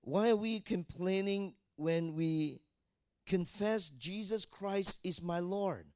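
High-voiced preaching man, dry sound. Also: takes it slowly, no echo. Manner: rising to shouted fervor, rhetorical questions. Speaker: pastor. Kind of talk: sermon.

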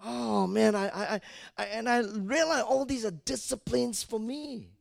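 Male pastor, high voice, dry close sound, repeated calls to the congregation, swells into shouting. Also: a little slow, gravelly, dry recording. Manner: builds from quiet talk to loud, shouted exhortation with repeated phrases; tells personal stories and addresses the congregation directly. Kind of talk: sermon.

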